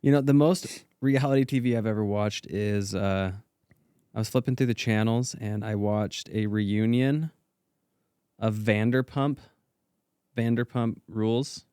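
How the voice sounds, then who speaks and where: A man co-hosting a marketing podcast in casual chat, joking with quick comebacks. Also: on the low side, steady tone, dark tone, smooth, no room sound, studio quality. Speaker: podcast co-host.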